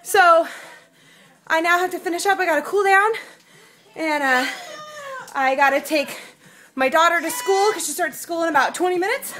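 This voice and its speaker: High-voiced mom vlogging, out of breath. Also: female voice, normal speed, pauses often, pushed and bright. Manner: chatty and upbeat, talking to her toddler. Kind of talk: casual home workout vlog. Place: home, by a high chair.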